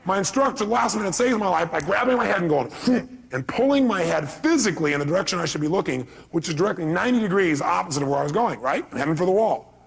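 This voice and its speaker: A man with a gravelly, husky voice giving a motivational seminar talk to an audience, telling stories dramatically and acting out voices, going from loud to soft. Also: sits high, lively intonation, fast, hardly any pauses. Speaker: motivational speaker.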